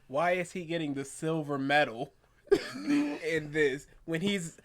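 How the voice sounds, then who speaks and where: A man's voice: on the high side, sing-song, takes it slowly. A man co-hosting a casual chat, chiming in with dry jokes and laughter. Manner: dry jokey interjections, laughing. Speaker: co-host.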